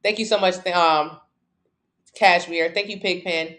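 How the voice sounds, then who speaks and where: A woman's voice: fairly low pitch, measured pace. Woman, fitness coach, livestream Q&A, blunt, sassy, casual swearing, punchy emphasis. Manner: lively, swings in loudness for emphasis. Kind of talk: casual livestream Q&A, answering viewer comments.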